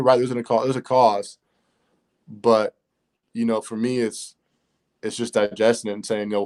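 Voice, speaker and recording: A man with a mid-range voice joins a podcast as a guest. He thinks out loud in a reflective, hesitant way, full of fillers and restarts. His speech feels unscripted and conversational. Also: medium pitch, level tone, normal speed, long pauses. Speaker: podcast guest, author and businessman.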